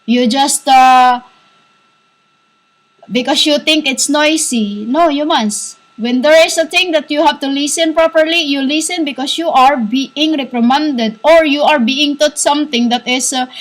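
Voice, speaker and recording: A woman giving a rambling spiritual monologue, halting and repetitive, scolding her listeners as "humans". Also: high-pitched, low-quality recording. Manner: scolding, insistent. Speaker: self-styled spiritual teacher.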